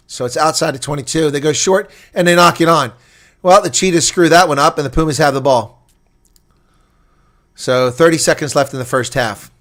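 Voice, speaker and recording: A man giving live watch-along rugby play-by-play, swinging from calm asides to excited shouting on breaks. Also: a little high, normal speed, pauses often. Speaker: rugby commentator.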